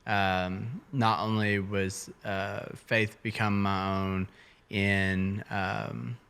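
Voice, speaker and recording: A man's voice: lowish voice, little pitch movement, very slow, creaky, fairly bright tone, smooth. A young man in church ministry, talking earnestly and casually about faith, with many hesitant fillers. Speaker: church ministry podcast co-host.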